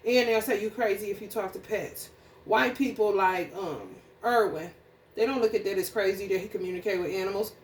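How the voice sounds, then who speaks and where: A woman's voice: mid-range voice, fairly quick. A woman giving a casual astrology reading that turns into a blunt, heated rant full of profanity. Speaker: astrology reader. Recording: echoey room, distant mic, faint noise.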